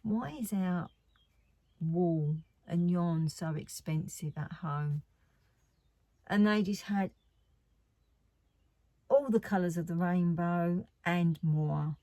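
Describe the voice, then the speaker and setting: A woman's voice: on the low side, slow pace, long pauses, dark tone, no echo. A woman chatting casually about her craft haul. She rambles and often drops to a near whisper. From United Kingdom. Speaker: craft vlogger.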